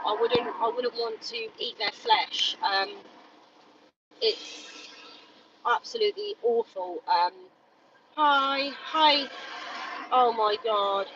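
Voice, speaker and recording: An angry woman rants and argues at a street protest, stumbling over her words and filling gaps with fillers. She sounds distant from a phone mic, with dull, muffled audio. Loud street noise runs underneath her. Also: a little high. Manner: angry, ranting with many fillers and repeats. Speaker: animal rights protester. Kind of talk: live-streamed street protest vlog. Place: outdoors outside a shop on a street.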